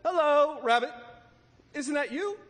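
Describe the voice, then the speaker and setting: Guy doing a high plaintive storybook bear calling out, long echoey hall. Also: sing-song, normal speed. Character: honey-loving male cartoon bear, simple and persistent.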